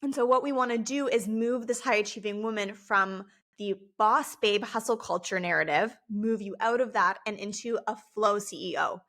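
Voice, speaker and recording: A woman's voice: medium pitch, moderate pace, few pauses, fairly bright tone. A young adult woman hosting a podcast, talking through a topic in a casual, coaching way with lots of "like" fillers. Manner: conversational, frequent "like" fillers, coaching tone. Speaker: podcast host. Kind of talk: casual teaching monologue.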